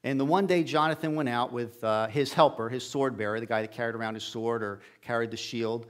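A man's voice: mid-range voice, fairly even intonation, brisk. A middle-aged man preaching a casual storytelling sermon in a church sanctuary, acting out the characters' lines with a raised voice. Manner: folksy, acts out Bible characters' lines with raised voice.

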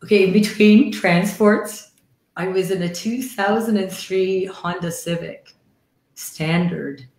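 A woman hosting a live stream, chatting casually with callers in a slightly hoarse voice, laughing often and calling people sweetie. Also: mid-range voice, slow pace, darkish tone, echoey room. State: slightly hoarse from a croupy cold.

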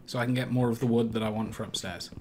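A man's voice: medium pitch, fairly even intonation, fast talker, darkish tone, a little hiss or hum. A man co-hosting a game stream, chatting casually with a dry, teasing humor. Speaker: co-host gaming streamer. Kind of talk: casual gameplay banter.

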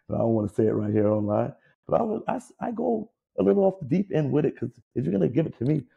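A man's voice: medium pitch, vocal fry, slightly rough, muffled recording. A man who played pro ball, co-hosting a sports podcast, talking casually with a lot of swearing. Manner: profane, animated, mocks players in put-on whiny voices. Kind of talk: casual sports opinion talk.

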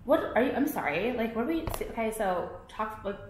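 A woman's voice: on the high side, expressive, brisk, slight background noise. Profane, exasperated young woman ranting. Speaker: vlogger. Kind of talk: casual ranting to camera. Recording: echoey room.

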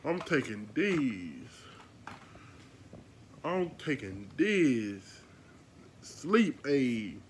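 A woman's voice: a bass voice, very animated, very slow, long pauses, darkish tone, a little hiss or hum. A woman vlogging at home into a phone camera, chatting casually to her viewers and sounding congested from sinus trouble. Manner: chatty, talks to viewers as y'all. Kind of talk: casual vlog chat to viewers.

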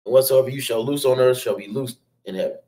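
A man reads scripture aloud in a steady, measured voice at an ordinary pitch. The sound is roomy, with a clear echo around him. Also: distant mic. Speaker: scripture reader.

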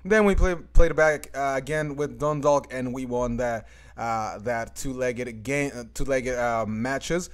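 A young man with a mid-pitched voice talks through his football video game session. He rambles, restarts his sentences and fills gaps with "uh" and "you know" in casual commentary. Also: unhurried, smooth. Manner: rambling, many fillers and restarts. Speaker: gaming commentator.

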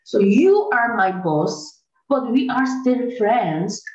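A woman's voice: fairly high pitch, expressive, takes it slowly, darkish tone, echoey room, dull audio. A woman in an improv scene playing an indignant coworker passed over for promotion, talking dramatically. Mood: conciliatory. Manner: dramatic, indignant, bursts into mock crying. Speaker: improv performer. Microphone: online call.

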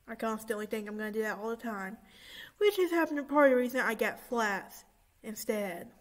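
Chatty, excited young woman vlogger. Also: on the high side, brisk. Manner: chatty, excited, many fillers. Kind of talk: casual vlog chat. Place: church room, indoors.

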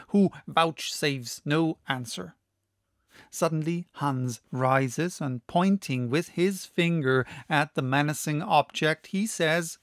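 A man narrating a classic novel as an audiobook in a measured, deliberate reading. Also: on the high side, no echo, clean studio sound.

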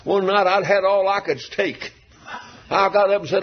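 A man preaching an old-time revival sermon with a high, ringing voice that keeps climbing into fervent shouts and sung phrases. The recording sounds dull and lo-fi, as if taped on modest gear. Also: fairly even intonation, normal speed, background noise. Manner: fervent, shouting and half-singing in surges.

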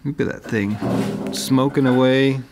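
A man's voice: mid-range voice, steady tone, a little slow, noisy background. A playful man hosting a casual barbecue vlog, teasing and laughing. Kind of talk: casual chat. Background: music.

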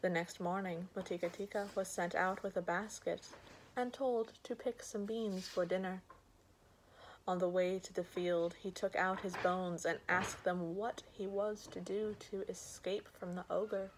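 A woman reading a fairy tale aloud as a bedtime story, gentle and unhurried. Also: on the low side, fairly even intonation, slight background noise, poor audio.

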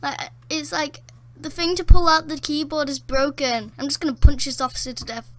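At home in a dark room, a woman gives casual commentary on her gameplay, getting excited and often gasping, laughing and exclaiming. Her voice is high-pitched and moves at a normal speed.

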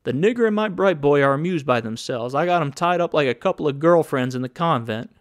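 Man reading as a curt gunman, clipped commands, slightly high voice. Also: expressive, a little fast, no room sound, natural voice. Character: curt, bossy male hired gunman.

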